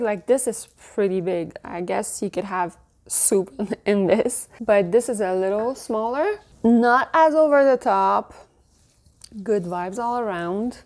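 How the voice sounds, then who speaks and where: Woman, thirties, slow gushing home vlogger with a slightly high voice. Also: a little mellow. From Canada. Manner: gushing, coos in a high baby voice at her dog and cute mugs. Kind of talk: casual show-and-tell haul.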